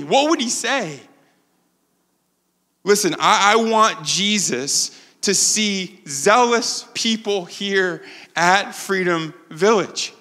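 A man preaching a sermon as pastor, animated and acting out the quotes he tells. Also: sits high, slow pace, pauses often, in a large hall. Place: church sanctuary.

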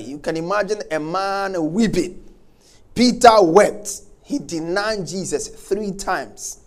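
A man preaching a sermon, emphatic and repetitive, swinging from quiet asides to loud stresses. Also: sits high.

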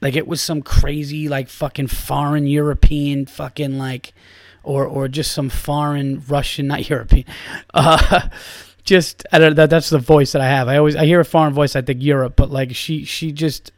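A man's voice: a little high, flat delivery, moderate pace, no room sound. A man, a comedian and podcast host, telling a long rambling story full of swearing and fillers. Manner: rambling and profane, lots of fillers. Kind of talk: casual storytelling.

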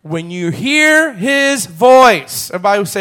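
A man preaching a sermon as pastor, calling on the congregation to repeat phrases and building to loud, fervent passages. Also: fairly high pitch, animated, moderate pace. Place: church.

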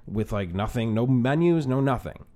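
A man telling a story in casual chat, animated and profane, often laughing. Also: medium pitch, moderate pace. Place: bar room.

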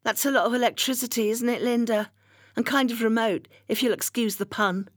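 A woman doing a nosy, prim neighbour lady in a comic monologue. The voice sits high above her own and comes in a touch louder. Every question is prim and prying, wrapped in false concern. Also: fairly even intonation, a little fast, no echo, studio quality, natural voice. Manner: probing, faux-concerned.

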